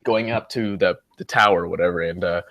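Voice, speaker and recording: A man hosting a casual group chat, telling stories in a profane, animated way. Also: low-pitched, brisk, no echo, clean studio sound. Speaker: host.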